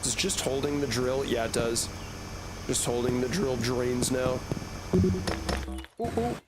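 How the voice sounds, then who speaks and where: A man's voice: mid-range voice, slow, very noisy. A young man streaming a game, rambling and joking with casual swearing. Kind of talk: casual gaming commentary.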